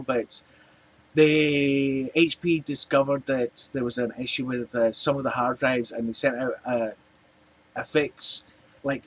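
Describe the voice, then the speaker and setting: A man's voice: medium pitch, a bit bright. A Scottish man in his forties ranting casually to camera, rambling and chatty with lots of restarts. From Scotland. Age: 40s. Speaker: vlogger. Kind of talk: casual rant.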